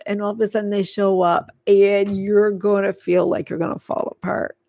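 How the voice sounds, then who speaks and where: A woman giving a live tarot reading, talking in a rambling, filler-heavy way and gently coaxing the listener to calm down. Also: mid-range voice, moderate pace, no echo. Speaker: tarot reader.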